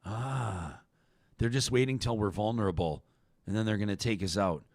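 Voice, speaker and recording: A man's voice: on the low side, normal speed, darkish tone, no room sound, studio quality. A man hosting a talk show, chatting casually in a rambling, jokey way and often cutting himself off mid-sentence. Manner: rambling, self-interrupting, jokey. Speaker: host.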